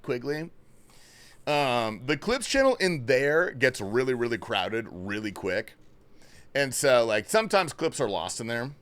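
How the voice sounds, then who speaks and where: Lively joking livestream host man. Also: mid-range voice. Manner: loose, joking, swears a lot; reads and thanks chat messages. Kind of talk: casual livestream chat.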